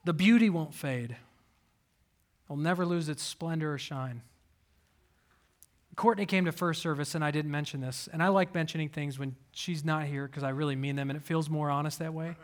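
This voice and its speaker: A man in his thirties preaching a sermon, telling personal stories with animated swings and sudden soft asides. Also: fairly high pitch, normal speed. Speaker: pastor.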